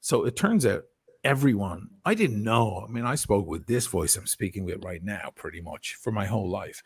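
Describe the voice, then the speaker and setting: Low raspy guy talking movies casually, swears a lot, does quick impressions. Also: animated. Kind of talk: casual chat.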